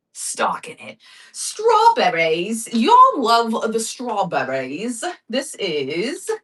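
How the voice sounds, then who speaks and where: A woman's voice: on the low side, bright, forceful tone, far from the mic. A woman hosting a live craft-supply sale, chatting casually and upbeat with viewers. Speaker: live shopping host. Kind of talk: casual live-stream sales chat.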